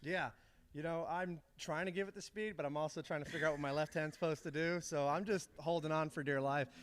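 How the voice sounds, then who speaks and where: With a slightly high voice, fairly even intonation, and a fairly quick pace, this American man is a pro drift driver. He speaks eagerly in relaxed slang during a casual interview outdoors at a racetrack.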